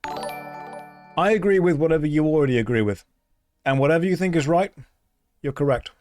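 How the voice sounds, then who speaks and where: A man's voice: fairly high pitch, lively intonation, moderate pace, a little mellow, soft background music. A man chatting casually with viewers while playing a game, in a dry, sarcastic way. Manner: dry, sarcastic banter with chat. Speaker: streamer. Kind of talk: casual gameplay stream chat.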